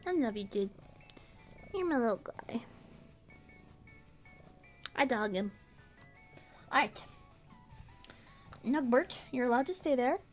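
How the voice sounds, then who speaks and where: A woman's voice: a little high, animated, slow pace, long pauses, soft background music. A young woman streaming casual chat as she embroiders, bubbly and giggly, sometimes baby-talking. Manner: bubbly, giggly, baby-talks to her cat.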